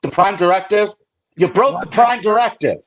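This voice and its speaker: A man's voice: high voice, expressive, moderate pace. A man, a guest on a live stream talk show, speaking bluntly and indignantly, swearing freely and rambling as he makes his point.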